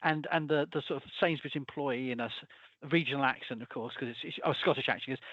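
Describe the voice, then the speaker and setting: A man's voice: a little high, animated, fast talker, fairly bright tone, dry recording. A man as a guest in a casual chat, rambling, restarting his sentences and chuckling through asides. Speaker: guest folklorist. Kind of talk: casual conversation. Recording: dull, dry sound.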